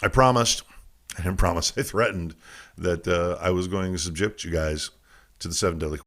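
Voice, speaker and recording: A man hosting a live casual show, loudly teasing and coaxing his chat room, with crude self-mocking asides. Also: low-pitched, moderate pace. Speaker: podcast host. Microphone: desk mic, reading chat on a phone.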